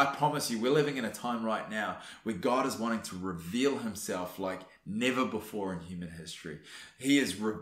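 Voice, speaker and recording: A man giving an earnest, urging devotional teaching, often pausing on fillers and restarting his sentences. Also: on the low side, a bit bright, echoey room. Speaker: Christian teacher.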